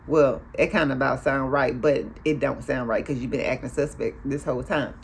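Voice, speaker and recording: A woman's voice: extremely low pitch, fairly even intonation, a little fast, gravelly, a little hiss or hum. A woman hosting a casual recap of a TV show, chatty, acting out the characters' lines as she goes.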